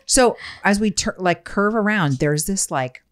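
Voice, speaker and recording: A woman in her thirties, a podcast guest telling a profane, animated story in casual chat and laughing often. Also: medium pitch, measured pace.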